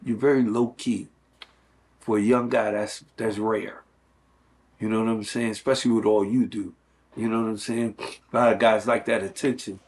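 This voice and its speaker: A man's voice: lowish voice, flat delivery, normal speed, a little mellow. A middle-aged man talking earnestly in a casual conversation, with many fillers and restarts. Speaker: guest.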